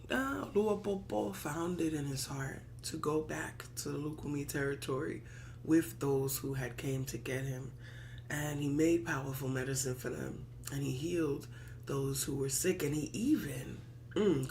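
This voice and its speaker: A woman's voice: low-pitched, measured pace, darkish tone, a little hiss or hum. A woman priestess leading a worship service, telling a sacred story in rhythmic, repetitive preaching. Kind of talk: storytelling sermon.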